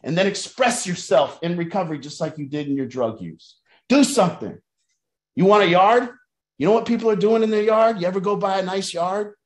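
A man's voice: high voice, brisk. A middle-aged man leading a recovery program, talking bluntly and emphatically with plenty of swearing. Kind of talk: motivational talk.

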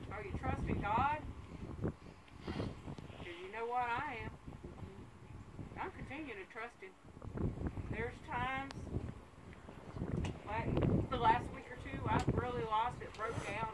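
A woman's voice: fairly high pitch, measured pace, pauses often. A woman speaking at her father's graveside service in an emotional, preacherly way, calling out to the mourners. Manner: emotional, preacherly, with call-and-response. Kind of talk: heartfelt eulogy with preaching. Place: outdoors at a rural graveside. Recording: loud outdoor background noise.

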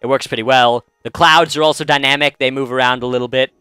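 A man's voice: mid-range voice, fairly even intonation, fast talker, sharp tone, smooth, no room sound, studio quality, soft background music. A man hosting a let's-play, chatting casually and rambling through commentary with many fillers and restarts. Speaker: game let's-play host.

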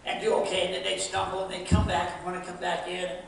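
A man's voice: high-pitched, completely flat delivery, quick pace, gravelly, fairly bright tone. Echoey preaching man, heard from afar. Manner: earnest preaching with repetition and rising emphasis. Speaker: pastor. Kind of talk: sermon. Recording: echoey hall from far off, faint noise.

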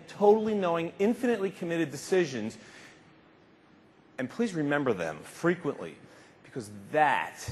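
A middle-aged man giving an animated, emphatic motivational keynote speech, acting out little scenes along the way. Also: a little high. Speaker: keynote speaker. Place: large convention hall. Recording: reverberant hall, faint background noise.

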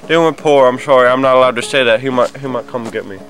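A man playing a rambling, unhinged backwoods man who stammers, trails off and bursts out loud. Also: mid-range voice, quick pace, soft background music, lightly acted, poor audio. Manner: rambling, stammering, sudden outbursts. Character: rambling unhinged backwoods man, proud of his forest home. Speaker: comedian. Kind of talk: improvised comedy sketch.

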